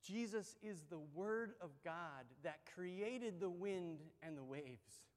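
Male pastor, high tenor, animated conversational sermon, long hall reverb. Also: slow. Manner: conversational, animated storytelling with acted-out quotes.

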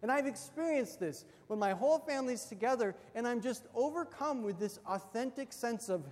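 A man preaching a sermon as the pastor, telling a personal story with animated, acted-out moments. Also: very high-pitched, moderate pace, few pauses. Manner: storytelling, animated, acts out voices in the anecdote. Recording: long hall reverb.

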